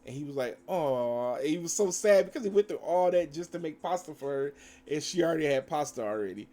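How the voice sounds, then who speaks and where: A man's voice: fairly high pitch, expressive, quick pace, warm tone. A man reviewing cartoon episodes, retelling scenes in a loose, rambling way with acted-out quotes and frequent fillers. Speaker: show reviewer. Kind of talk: casual spoken recap.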